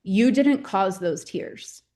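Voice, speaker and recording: A woman speaking as a grief specialist guest in a casual interview, earnest and chatty, often ending points with a quick question tag. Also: mid-range voice, animated, warm tone. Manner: earnest, chatty, many "right?" tags.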